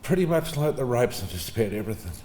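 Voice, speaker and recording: A middle-aged Australian man with a medium, darkish, sing-song voice speaks quickly, giving an informal eulogy for his father at a funeral service hall. He tells casual stories, chuckling between anecdotes, and the hall is echoey with faint ambience and slight background noise.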